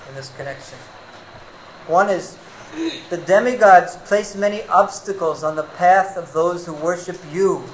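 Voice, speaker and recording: A man preaching a devotional sermon, an animated storyteller who weaves in Sanskrit terms. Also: fairly high pitch, a little hiss or hum, poor audio.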